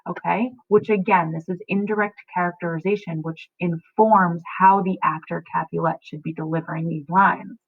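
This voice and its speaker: A woman's voice: lowish voice, fairly even intonation, normal speed, hardly any pauses, no room sound. A woman teacher reading a play aloud and explaining it to students, checking in often. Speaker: English teacher. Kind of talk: read-aloud lesson. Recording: tinny phone-like audio.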